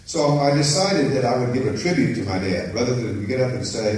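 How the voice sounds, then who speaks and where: A man's voice: mid-range voice, brisk, darkish tone. A middle-aged man, a motivational speaker, telling a personal story to a group in a chatty way, often checking in with "right?". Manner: personal, anecdotal, frequent "right?" check-ins. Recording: echoey room, distant mic, faint noise.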